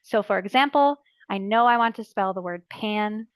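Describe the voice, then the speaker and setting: A woman's voice: mid-range voice, no room sound. Woman explaining phonics step by step. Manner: clear, deliberate, explaining step by step. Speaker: early childhood educator presenting a training session. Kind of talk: instructional narration.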